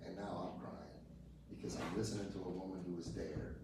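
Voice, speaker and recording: Man, lowish voice, heartfelt testimony to a room, heavy echo, mic far off. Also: brisk. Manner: emotional, conversational storytelling with many restarts. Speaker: speaker giving a testimony. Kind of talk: personal testimony to a group. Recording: echoey room from far off with ambient noise.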